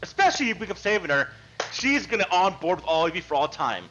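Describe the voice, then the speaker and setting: Male game master, animated narrator, bright forceful voice, dull lo-fi call audio. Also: sits high, fast, slight background noise. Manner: animated, rules-explaining narration. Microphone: video call. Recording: dull lo-fi mic.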